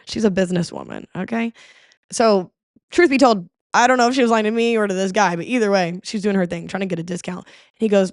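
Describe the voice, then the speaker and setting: A woman hosting a podcast in casual chat, telling stories in an animated way. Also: mid-range voice, brisk, dry recording, studio quality. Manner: animated storytelling with quoted voices. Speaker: podcast host.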